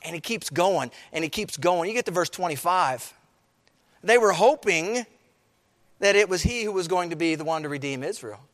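A man preaching a sermon to his congregation, swinging between quiet, low passages and raised, emphatic ones. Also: lively intonation, moderate pace, big-room sound. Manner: preaching, rising and falling with emphasis, addresses the congregation. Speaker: pastor.

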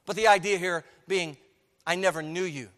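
A man's voice: high-pitched, steady tone, moderate pace. Emphatic male preacher in a reverberant church. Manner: emphatic preaching, swings from soft to loud. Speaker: pastor. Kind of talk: sermon. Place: church sanctuary.

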